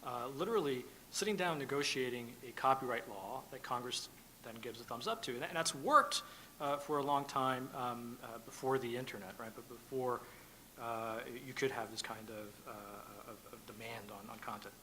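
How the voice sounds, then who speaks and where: A man speaking as a panelist at a policy event, halting, with many fillers and restarts. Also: mid-range voice, sharp tone, a little hiss or hum, rough recording. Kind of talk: panel discussion. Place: conference room.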